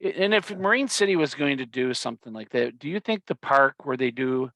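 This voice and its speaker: Gravelly, bright-voiced podcast host. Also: male voice, mid-range voice, lively intonation, brisk, no echo. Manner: rambling questions, full of fillers. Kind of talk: casual podcast chat.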